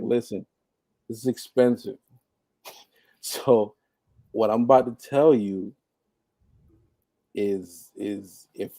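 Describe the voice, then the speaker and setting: A man telling a personal story on a podcast in a casual, animated way, laughing often and mimicking others. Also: lowish voice, creaky, dry recording. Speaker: podcast guest.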